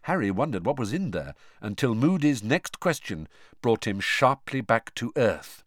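A man narrating an audiobook with an expressive, varied delivery. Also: mid-range voice, moderate pace, dry recording, clean studio sound. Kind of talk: storybook narration.

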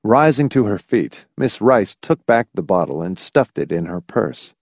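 Expressive male audiobook narrator. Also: fairly low pitch, dry recording, clean studio sound. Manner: measured, expressive reading.

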